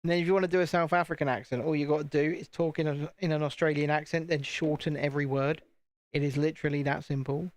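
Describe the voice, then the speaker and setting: A chatty British man with a slightly higher voice, talking casually to his viewers and mocking himself as he works. The sound is dry and close, with no room around it. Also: flat delivery, fast, no echo. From United Kingdom. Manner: chatty, self-deprecating, talks to himself. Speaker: streamer. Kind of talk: casual chat while building.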